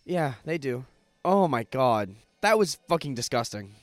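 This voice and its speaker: A man co-hosting a casual podcast, exclaiming in loud disgust and swearing freely. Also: medium pitch, big pitch swings, a little slow, dry recording, soft background music. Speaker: podcast co-host. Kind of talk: casual chat.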